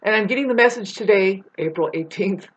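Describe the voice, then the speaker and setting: Speaking fairly quickly in a medium-pitched voice, a woman vlogs a rambling spiritual monologue full of swearing. She grows irate and loud, and the recording sounds dull and lo-fi.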